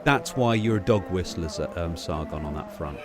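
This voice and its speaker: A man rants and swears his way through a casual podcast chat. His voice sits low. Music plays clearly in the background. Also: expressive, moderate pace. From Cornwall, England. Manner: heated, sweary, ranting. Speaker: podcast host.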